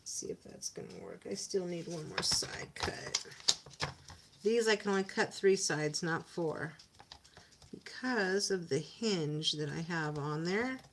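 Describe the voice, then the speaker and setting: A woman's voice: on the low side, slow pace, noisy background. A woman hosting a casual livestream, chatting with viewers as she narrates her crafting at home. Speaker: livestream host.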